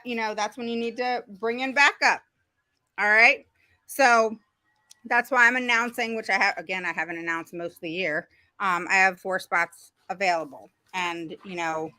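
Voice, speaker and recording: A blunt woman advocate talks straight to her audience, her pitch rising and falling as she makes her points. Her voice is bright and forceful, recorded close and dry. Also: no room sound. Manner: blunt and animated, pitch swinging up and down. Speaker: special education advocate. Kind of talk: casual direct-to-camera talk.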